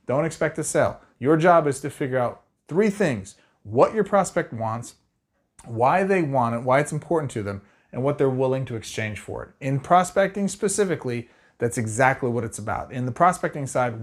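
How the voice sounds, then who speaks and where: A middle-aged man giving sales tips straight to the camera, energetic and conversational. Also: medium pitch. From Arizona. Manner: energetic, conversational, fast-talking. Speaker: sales trainer.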